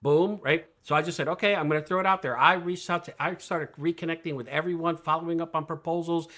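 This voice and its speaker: Energetic man with a bright, forceful voice. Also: fairly high pitch, fast. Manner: energetic, emphatic, keeps asking "right?"; rhetorical questions, animated storytelling. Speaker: guest, coach. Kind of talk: podcast conversation.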